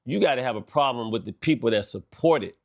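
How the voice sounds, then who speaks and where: A middle-aged man hosting a podcast, delivering a loose, animated monologue full of slang and swearing. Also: mid-range voice, fast. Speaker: podcast host. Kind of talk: casual monologue.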